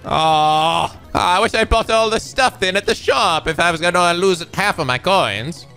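A man's voice: sits high, unhurried, pushed and bright, clean tone, faint music behind. A man giving casual, sarcastic, profane commentary while playing a video game. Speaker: let's player.

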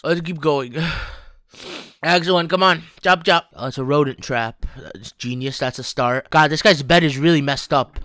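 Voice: medium pitch, moderate pace, a bit bright, no room sound. A gaming YouTuber reacting to a horror game, jumpy, with sudden shrieks and constant claims of not being scared.

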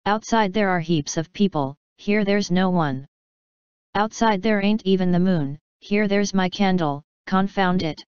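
Woman voicing a brash young street urchin in an audiobook; bossy, slangy, crisp and dry. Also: mid-range voice, measured pace, dry recording, dull audio, natural voice. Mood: cocky. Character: cocky streetwise young Paris boy.

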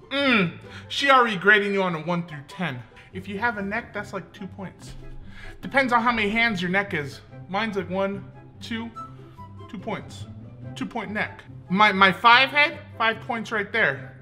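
A young man riffs on a reality-show clip with a bright, punchy tone. His pitch jumps all over as he jokes and slips into mock voices, with faint music playing underneath. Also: unhurried. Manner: joking, animated, often slips into mock voices. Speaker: YouTube commentator. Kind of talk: comedic reaction commentary.

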